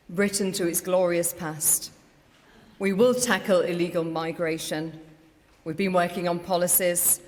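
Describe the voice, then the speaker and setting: A middle-aged woman, a newly elected mayor, giving an emphatic victory speech at a lectern in an election count hall. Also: lowish voice. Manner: emphatic, rallying declarations. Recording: long reverb of a large hall.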